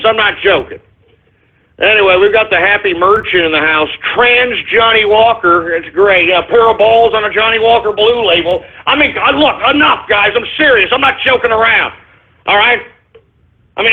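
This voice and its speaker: High, husky man ranting on talk radio. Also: unhurried. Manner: crude, agitated ranting full of "you know" and "all right?". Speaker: radio show host. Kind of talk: solo talk radio rant with listener shout-outs. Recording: tinny phone-like line.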